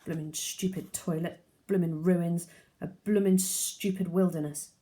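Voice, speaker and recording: Tired upset mother as a woman reads her, dark gravelly tone. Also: sits low, moderate pace. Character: worn-out mother, tearful and upset.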